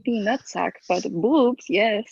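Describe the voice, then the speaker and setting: Gravelly-voiced woman on lo-fi audio. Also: medium pitch, a little slow, no room sound. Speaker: guest, makeup artist. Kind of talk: casual podcast chat. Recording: dull, lo-fi remote audio.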